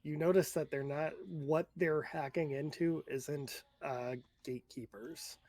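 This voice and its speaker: A man narrating a tabletop role-playing game as game master, describing scenes in a halting, searching way. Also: a little high, fairly even intonation, dark tone, no echo.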